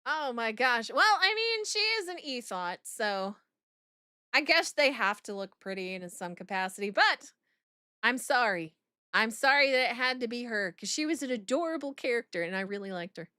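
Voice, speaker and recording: A woman's voice: on the high side, big pitch swings, normal speed, bright, forceful tone, clean tone, no room sound, studio quality. A woman streamer chatting through a game reaction in a blunt, profane, giggly way.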